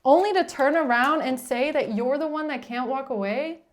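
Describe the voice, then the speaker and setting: High-voiced blunt woman tarot reader. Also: normal speed, slight background noise. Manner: blunt and exasperated, swears freely; rambling, with frequent restarts and filler "like". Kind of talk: casual tarot reading monologue.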